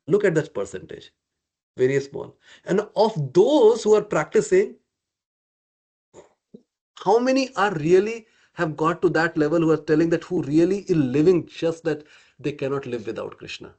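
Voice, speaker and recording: A man's voice: a little high, a little mellow. A man teaching an interactive scripture study class, questioning his group and often checking in with "okay" and "right".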